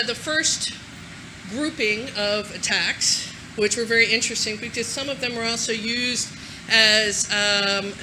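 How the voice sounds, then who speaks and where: A woman giving a casual, energetic conference talk to a live audience, swearing freely. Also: mid-range voice, noisy background. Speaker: conference speaker.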